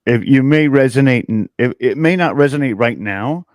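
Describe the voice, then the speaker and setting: A man's voice: medium pitch, normal speed, no room sound, studio quality. A man hosting an online conference over a video call, chatty and effusive, often saying "you know". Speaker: conference host. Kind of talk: casual online conference chat. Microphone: video call mic.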